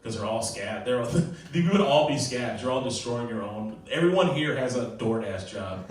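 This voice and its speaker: A man in his forties performs a brash, profane stand-up set at an open mic in a small comedy venue, staying lively and laughing at his own jokes. His mid-range voice moves at a moderate pace. The room is echoey, the mic sounds distant, and there's a little hiss or hum.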